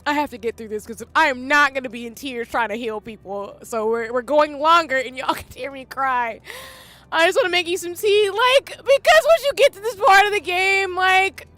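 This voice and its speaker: A woman's voice: high-pitched, moderate pace, bright, forceful tone. A woman streaming a game and chatting casually, emotional and gushing, breaking into tears. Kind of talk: casual live-stream commentary.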